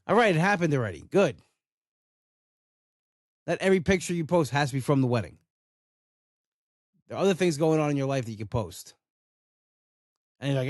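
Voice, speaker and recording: A man's voice: on the high side, animated, a little fast, long pauses, no echo, studio quality. A man hosting a solo podcast, ranting in a blunt, casual way and swearing freely. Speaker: podcast host.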